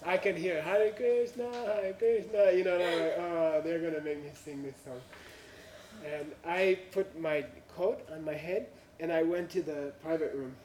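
A man's voice: fairly high pitch, fairly even intonation, moderate pace, darkish tone. A man telling an anecdote to an audience in non-native English, chuckling through his punchlines. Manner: chuckles through punchlines, with frequent "you know" and "uh". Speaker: speaker telling a story to an audience. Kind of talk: anecdotal storytelling talk. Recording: roomy, from a distance.

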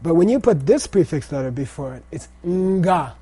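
Man, middle-aged, husky, a bit high, lecturing a class, repetitive check-ins. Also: sing-song, fast, mellow. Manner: repeats phrases and checks in with "okay?". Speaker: teacher of Tibetan language and Buddhist texts.

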